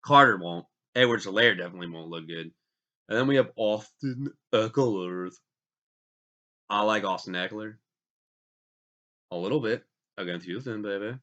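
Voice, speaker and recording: A man hosting a fantasy football league show, talking casually with animated, self-correcting energy while getting over being sick. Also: fairly low pitch, normal speed, pauses often. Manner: animated, hyped, self-interrupting. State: recovering from illness, coughing. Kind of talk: casual fantasy sports talk. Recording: dull lo-fi sound.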